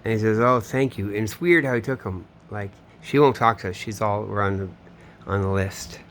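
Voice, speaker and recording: A man's voice: fairly low pitch, fairly quick, a bit bright, a little hiss or hum. A man telling a long, meandering personal story, swearing often and trailing off mid-sentence. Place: home in Florida.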